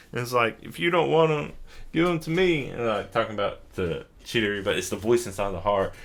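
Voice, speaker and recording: Young man, drunk, rambling recap, bright tense voice, a bit low-pitched. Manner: rambling, filler-heavy, swears and chuckles. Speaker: host. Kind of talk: casual drunken anime recap.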